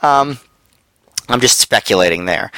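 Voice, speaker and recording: A man in casual podcast chat with a bright, forceful voice. He rambles and hesitates, with lots of fillers, recorded close and dry. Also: medium pitch, animated, unhurried, no room sound, low-quality recording. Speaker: podcast co-host. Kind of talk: casual chat reviewing wrestling.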